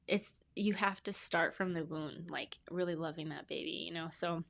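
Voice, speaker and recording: A woman's voice: fairly low pitch, fairly even intonation, moderate pace, creaky, a bit bright. A woman in her thirties, a podcast guest telling her story in a casual, earnest, rambling way with many fillers and restarts. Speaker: podcast guest, brand specialist.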